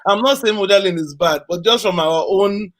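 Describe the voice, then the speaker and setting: This is a middle-aged woman hosting a relaxed talk. She tells her stories with real animation, and laughter keeps breaking into her lines. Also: mid-range voice, normal speed. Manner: animated storyteller, laughs often. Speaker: host. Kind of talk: casual conversation.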